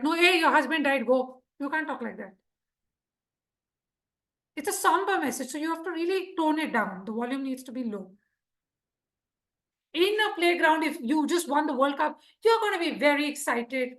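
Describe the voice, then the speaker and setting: Bright, high-pitched woman teaching. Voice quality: husky. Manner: lively, teacherly, checks in with the audience often. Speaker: Toastmasters speaker teaching speech craft. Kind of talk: live instructional talk to a club.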